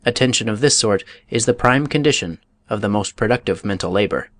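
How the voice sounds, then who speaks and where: A man narrating a nonfiction book in a measured, deliberate reading style. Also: on the low side, animated, a bit bright, no echo. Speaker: audiobook narrator.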